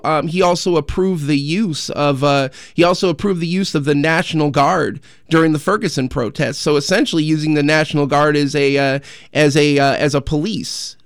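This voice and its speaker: Earnest guy hosting call-in radio, lots of ums and restarts, raspy and dry. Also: a little high, dry recording. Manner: earnest, halting, many fillers and restarts. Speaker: radio host. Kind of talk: talk radio call-in show. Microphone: studio microphone.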